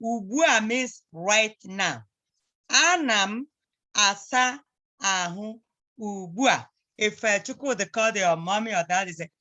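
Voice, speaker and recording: A woman's voice: mid-range voice, measured pace, pushed and bright. A woman teaching a language class over a video call, patiently repeating phrases for her students to copy. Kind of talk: online class instruction.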